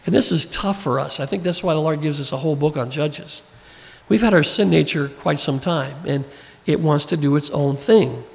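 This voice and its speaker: A man's voice: on the high side, moderate pace, vocal fry, big-room sound. A man preaching a sermon in a folksy way, chuckling often as he reads scripture aloud and acts out the quotes. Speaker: pastor.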